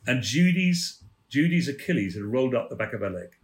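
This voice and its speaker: A man's voice: medium pitch, sing-song, a little fast, very noisy. An older man, a theatre producer and guest, telling stories in a leisurely, amused way and acting out the people in them. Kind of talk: anecdotal storytelling.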